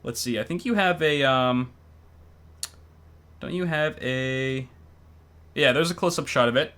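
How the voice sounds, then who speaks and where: A man's voice: medium pitch, unhurried, long pauses, bright, forceful tone. A man hosting and casually commenting on builds in an easygoing, chatty way with lots of fillers. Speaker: host.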